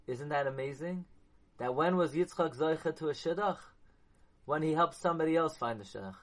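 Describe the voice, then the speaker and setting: A man giving a Torah class lecture, animated, asking his listeners questions and mixing Hebrew and Yiddish terms into his English. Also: high-pitched. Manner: animated, asks the audience questions. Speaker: Torah teacher.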